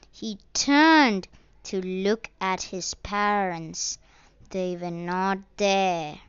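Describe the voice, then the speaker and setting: A woman slowly and deliberately reading a children's story aloud as its narrator. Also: medium pitch, fairly bright tone, clean tone, dry recording, dull audio.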